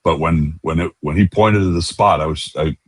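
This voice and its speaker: A man co-hosting a football podcast in casual chat, talking haltingly with frequent restarts and repeated words. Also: rumbling low, breathy edge, no echo. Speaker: podcast co-host.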